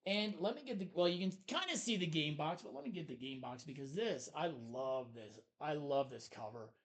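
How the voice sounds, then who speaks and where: A man's voice: on the high side, expressive, normal speed. Enthusiastic man reviewing a board game. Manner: enthusiastic, rambling with fillers. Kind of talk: casual review chat.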